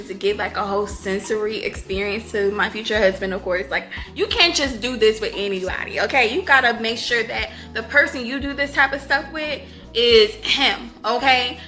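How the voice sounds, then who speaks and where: Bright-voiced giggly young woman vlogger. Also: on the high side, normal speed, faint music behind. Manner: chatty and giggly, addresses viewers as y'all and honey. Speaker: book reviewer. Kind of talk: casual book review vlog.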